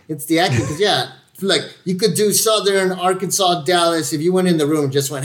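A man chatting casually as a host, animated and laughing, swearing and calling his guest dude. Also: high-pitched, fairly quick, few pauses. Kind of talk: casual chat.

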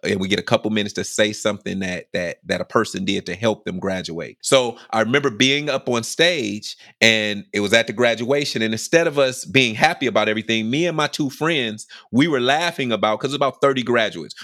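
A man telling a personal story on a podcast in a casual, animated way, repeating phrases for emphasis and acting out what people said. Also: medium pitch, no echo, clean studio sound. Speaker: podcast speaker telling his life story.

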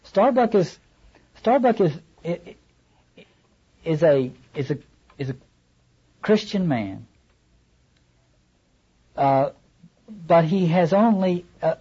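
A man's voice: fairly high pitch, dark tone, slightly rough, dull audio. A man lecturing on literature, reading passages aloud and adding wry asides.

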